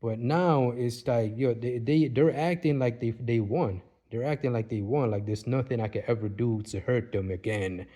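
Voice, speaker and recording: A man's voice: mid-range voice, normal speed, hardly any pauses, mellow. A man talking in a casual, rambling monologue, repeating himself and often asking if the listener follows. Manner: rambling, repetitive, keeps asking "you see what I mean". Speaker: vlogger.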